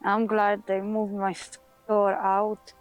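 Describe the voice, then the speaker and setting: A woman's voice: medium pitch, completely flat delivery, slow, soft background music. A woman playing in a tabletop game, chatting casually and offhandedly during a break. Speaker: player. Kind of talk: casual chat.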